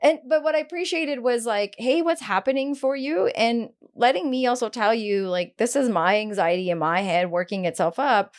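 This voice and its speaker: A woman co-hosting a podcast in a casual back-and-forth, with a mid-range voice. She tells personal stories openly and with lively energy. She swears now and then without a second thought. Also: medium pitch, moderate pace, few pauses. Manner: candid, animated storytelling with casual swearing. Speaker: podcast co-host. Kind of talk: casual chat.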